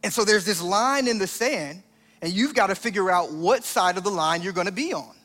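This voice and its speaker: A man's voice: high voice, expressive, normal speed, fairly bright tone, long reverb tail. A man preaching a sermon as pastor, in a conversational style that acts out the lines he quotes.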